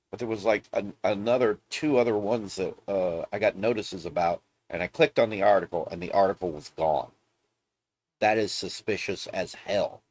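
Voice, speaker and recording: A man's voice: low-pitched, dry recording. A man hosting a casual gaming vlog, talking bluntly in rambling rants with plenty of swearing. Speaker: gaming video host. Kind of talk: casual ranting vlog commentary.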